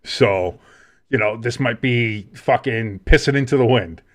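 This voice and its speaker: A man's voice: mid-range voice, unhurried. A man co-hosting a casual sports podcast, rambling and swearing freely with lots of fillers. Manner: profane, rambling, heavy fillers. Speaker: podcast co-host.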